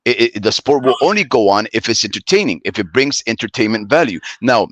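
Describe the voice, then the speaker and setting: A man's voice: mid-range voice, expressive, brisk, a bit bright, no echo. A man hosting a casual boxing podcast, explaining his views at length in a rambling way. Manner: rambling, many fillers and restarts, explanatory.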